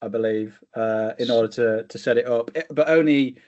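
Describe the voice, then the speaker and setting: A man's voice: medium pitch, moderate pace, a little mellow, dull audio. A man co-hosting a tech podcast, explaining things in a casual way with lots of fillers and restarts. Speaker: podcast co-host.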